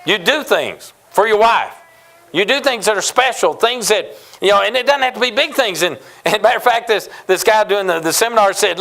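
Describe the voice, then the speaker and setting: A pastor in his fifties from New Mexico preaches with a notably high voice. He tells his points as folksy, humorous stories from his own life. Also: lively intonation, brisk, gravelly, fairly bright tone. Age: 50s. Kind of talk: sermon.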